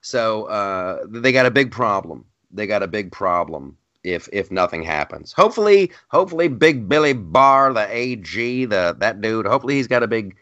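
Heated, bright-voiced man, dry lo-fi sound. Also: on the low side, animated, dry recording. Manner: heated, exasperated, quick mock-quoting. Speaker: podcast co-host. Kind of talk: casual political chat.

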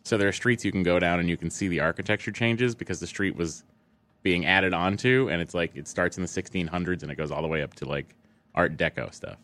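Deep-voiced man chatting casually. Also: a little fast, a bit bright. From Boston, USA. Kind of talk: casual chat.

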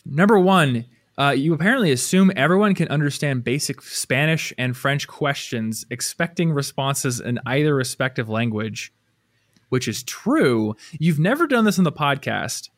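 A man's voice: medium pitch, expressive, normal speed, no room sound, clean studio sound. A man co-hosting a podcast in casual chat, teasing and playful. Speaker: podcast co-host.

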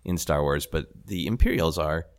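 A man interviewing an actor, enthusiastic and quick to laugh. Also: a bass voice. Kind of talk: casual interview chat.

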